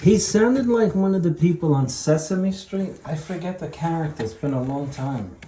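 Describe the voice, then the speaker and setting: A middle-aged man who hangs wallpaper, telling chatty stories in a casual way while he works. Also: on the high side. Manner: slow, animated, chatty anecdotes. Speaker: wallpaper hanger. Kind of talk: casual storytelling while working.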